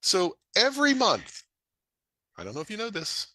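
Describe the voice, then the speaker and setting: A middle-aged man presenting to an audience in an energetic, folksy way, acting out dialogue. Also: moderate pace, no echo. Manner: energetic, folksy, acts out dialogue with rising pitch. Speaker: real estate investor presenting a webinar.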